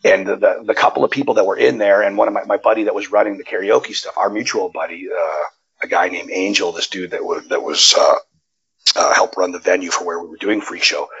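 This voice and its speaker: A man guest on a wrestling interview, telling stories in a casual, profane and animated way, his pitch jumping up when he gets excited. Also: fast talker, slightly rough, dull audio. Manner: animated, profane storytelling with sudden jumps in pitch. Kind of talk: casual storytelling chat. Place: Nevada.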